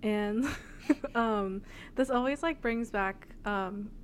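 A woman's voice: mid-range voice, slow. Rambling young woman, faint hiss. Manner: rambling, lots of fillers and laughs. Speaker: podcast co-host. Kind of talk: casual chat.

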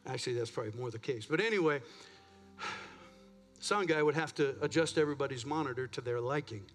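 A man's voice: mid-range voice, fast, a bit bright, faint music behind. A man pastor preaching a sermon in a church, chatty and self-deprecating, a bit out of breath. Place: church sanctuary.

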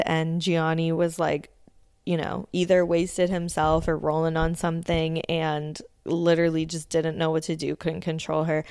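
A woman with a lowish, smooth, resonant voice talks through a TV episode as a podcast host. Her delivery is loose and chatty, packed with fillers and easy swearing. The sound is close and dry. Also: a little mellow, no room sound. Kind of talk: casual episode recap commentary.

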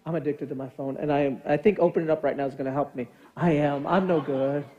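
Fifties male pastor, high-pitched, conversational sermon delivery with playful bits of character voices; dull, muffled church recording. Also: fairly even intonation, fast. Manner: conversational, jokey, acts out little scenes with funny voices. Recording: muffled lo-fi sound.

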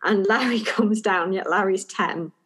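A woman's voice: mid-range voice, a little slow, a bit bright. A woman co-hosting a podcast, telling a family story in casual chat and acting out her family's voices. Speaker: podcast co-host.

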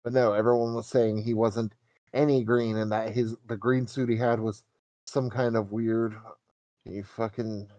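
A man's voice: medium pitch, little pitch movement, unhurried, mellow, dry recording, highs cut off. A man co-hosting a gaming podcast in casual chat, teasing his co-host and sharing news. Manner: teasing, laughs often, shares news.

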